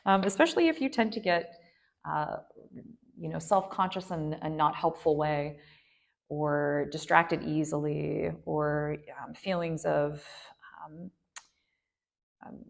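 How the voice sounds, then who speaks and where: A woman guiding a yoga nidra meditation in a gentle, unhurried way, with soft asides and frequent fillers. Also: sits low, gravelly. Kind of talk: guided meditation instruction.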